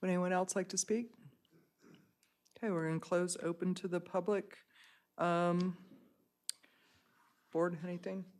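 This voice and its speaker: A woman chairing a county board meeting, moving through procedure in a brisk, friendly way. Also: fairly low pitch, little pitch movement, a little mellow.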